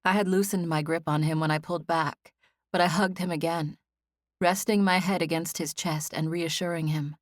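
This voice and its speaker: Gentle, lower-voiced woman narrating. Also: steady tone, moderate pace, no room sound, studio quality. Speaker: audiobook narrator. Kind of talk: scripted first-person narration.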